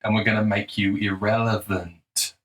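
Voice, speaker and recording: A man's voice: lowish voice, little pitch movement, moderate pace, fairly bright tone, poor audio. A young man giving a blunt, combative, sarcastic opinion monologue, swearing freely. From England. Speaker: political commentator.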